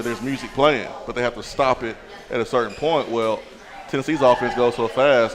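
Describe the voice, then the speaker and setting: A man co-hosting a live sports talk show, asking questions with many fillers and pauses. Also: mid-range voice. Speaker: co-host. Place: busy restaurant with crowd chatter. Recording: live event with crowd noise.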